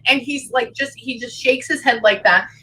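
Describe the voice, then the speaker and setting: A woman working as a psychic medium, giving a chatty, excitable reading to a client over a call. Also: fairly high pitch, moderate pace, slight background noise. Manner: excitable, chatty, filler-heavy.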